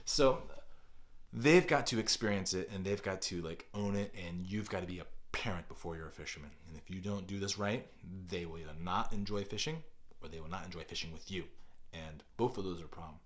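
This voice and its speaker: With a low-pitched voice, this middle-aged man, a kids pastor, shares parenting tips on a podcast in an intentionally over-the-top, energetic style.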